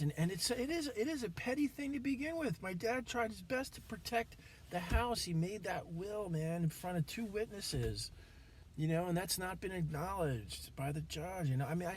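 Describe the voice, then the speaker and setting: A man's voice: high voice, a little hiss or hum. A man venting in a rambling, swearing vlog monologue, grieving and angry, with many restarts. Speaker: vlogger.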